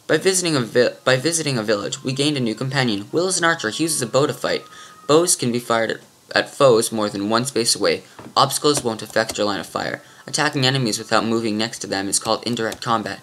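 Male gameplay host, mid pitch, casual and offhand. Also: quick pace, fairly bright tone. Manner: offhand, mumbling asides, trails off. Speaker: let's play host. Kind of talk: casual game commentary and reading tutorial text.

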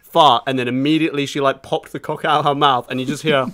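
A man's voice: medium pitch, fairly even intonation, quick pace, fairly bright tone. A young man co-hosting a podcast in casual chat, laughing through his story as he tells it. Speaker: podcast co-host.

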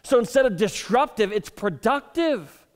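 A pastor in his thirties preaches in a relaxed, conversational way, telling stories and often stumbling into repeated starts. His voice sits high for a man. The sound carries a long reverb from a large hall. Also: moderate pace. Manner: conversational, self-deprecating storytelling with frequent repeated starts. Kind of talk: sermon.

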